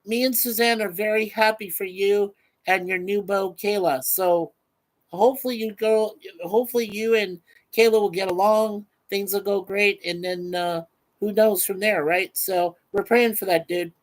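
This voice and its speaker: A man's voice: high voice, fairly even intonation, moderate pace, rough recording. A man hosting a casual live stream, chatting loosely with many fillers and reading out viewer comments.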